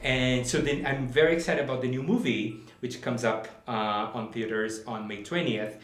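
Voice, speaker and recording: A man co-hosting a film podcast in casual chat, enthusiastic and halting, with many fillers. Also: medium pitch. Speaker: podcast co-host, film reviewer. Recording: echoey room.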